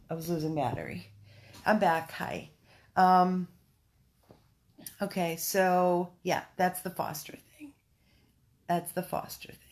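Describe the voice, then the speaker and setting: A woman's voice: lowish voice, creaky, darkish tone. A woman hosting a casual livestream from home on her phone, reading viewer comments and chatting in an effusive way, full of ums and restarts. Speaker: dog rescue volunteer hosting a livestream.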